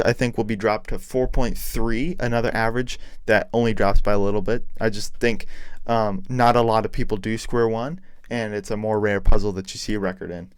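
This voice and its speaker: A man's voice: fairly low pitch, clean tone, no echo. A man hosting a podcast alone, talking in a chatty, hesitant, self-deprecating way while losing his voice. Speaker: podcast host. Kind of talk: casual solo podcast chat.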